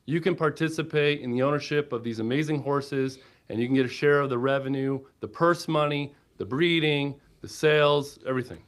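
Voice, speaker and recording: Guy on a podcast telling the story of his idea, lively, keeps saying right?, mid voice. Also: mid-range voice, a little fast, few pauses. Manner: energetic storyteller, quotes himself and wife, lots of "right?". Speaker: guest, platform co-founder. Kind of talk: podcast interview.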